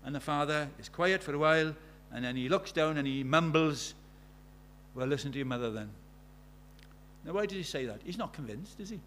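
Man, preacher, earnest sermon, storytelling, slightly higher voice. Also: lively intonation, fairly quick, few pauses, a bit bright, a little hiss or hum. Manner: earnest, storytelling, asks many questions.

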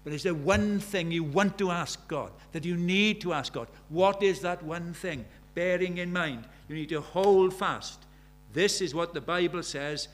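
A man's voice: high voice, unhurried, few pauses. A man in his seventies preaching a sermon, pressing his congregation with earnest rhetorical questions. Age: 70s. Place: church.

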